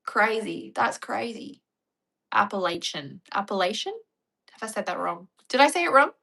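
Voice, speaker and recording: Woman streamer, bright voice, playful chat with viewers. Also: a little high, expressive, moderate pace, gravelly. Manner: chatty, playful, laughs often. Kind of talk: casual chat.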